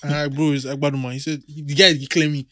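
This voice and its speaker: A man's voice: fairly high pitch, level tone, quick pace, bright, forceful tone, no echo, studio quality. A man from Nigeria with a Nigerian accent, co-hosting a podcast and telling anecdotes with frequent laughs. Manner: laughs often, calls people bro. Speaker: podcast co-host. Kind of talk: casual chat, telling anecdotes.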